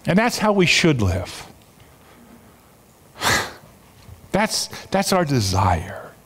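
A man's voice: a little high, big pitch swings, drawn-out words, a bit bright, slightly rough. A man preaching a sermon as a pastor, emphatic and repeating his key phrases for weight. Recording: long reverb of a large hall.

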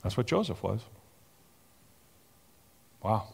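A man preaching a sermon, moving between loud emphatic peaks and soft near-whispers. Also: fairly low pitch, very animated, slow pace, vocal fry, slightly rough, big-room sound. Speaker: pastor.

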